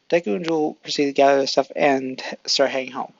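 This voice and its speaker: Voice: mid-range voice, fairly even intonation, fast talker, gravelly, dry recording, lo-fi sound. A fan storyteller narrating casually, often stumbling and correcting themself.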